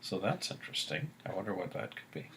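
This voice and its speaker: A man with a fairly low voice chats through a recap of the week's episodes. He talks in a relaxed, musing way, pausing on fillers as he goes. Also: slight background noise. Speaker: podcast co-host recapping a soap opera. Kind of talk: casual chat.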